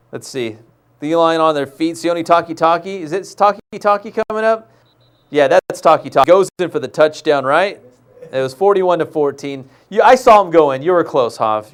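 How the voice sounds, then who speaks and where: A man hosting a live studio show, talking over high school football highlights in a loose, chatty way and joking with his crew. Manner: loose and chatty, jokes with crew, stumbles on names.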